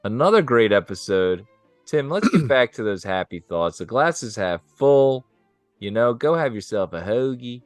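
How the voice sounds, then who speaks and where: A man's voice: medium pitch, sing-song, normal speed, dry recording, faint music behind. A man co-hosting a podcast, teasing and upbeat in casual chat. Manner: teasing and upbeat, laughs easily. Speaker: podcast co-host.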